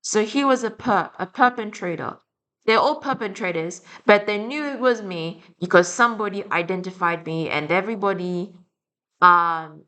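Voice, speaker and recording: A woman's voice: mid-range voice, a bit bright. A young adult woman with a French and Slavic accent, ranting bluntly and rambling with frequent swearing in a casual vlog. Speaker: vlogger. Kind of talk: casual rant to camera.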